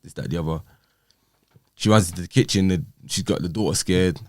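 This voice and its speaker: Man, low voice, dry close sound, animated storytelling. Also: brisk, dry recording. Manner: animated, acts out quoted exchanges. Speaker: podcast guest. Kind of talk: casual storytelling.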